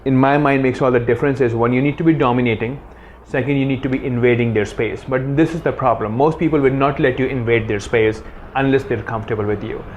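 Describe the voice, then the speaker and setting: A man's voice: medium pitch, quick pace. A man coaching on dating, explaining confidently in an instructional talk. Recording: dull clip with faint background noise.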